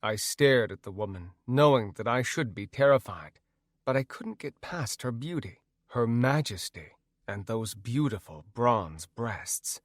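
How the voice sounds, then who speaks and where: A man narrating a first-person audiobook in an expressive, storytelling way. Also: mid-range voice, measured pace, no room sound, studio quality.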